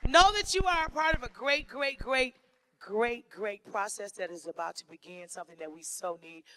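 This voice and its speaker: A woman's voice: fairly high pitch, moderate pace, a little hiss or hum. A woman with a Detroit accent hosting a comedy benefit on a theater stage, playful and pumping up the crowd. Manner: playful, rising to loud hype. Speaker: comedy show host. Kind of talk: stand-up hosting, audience hype.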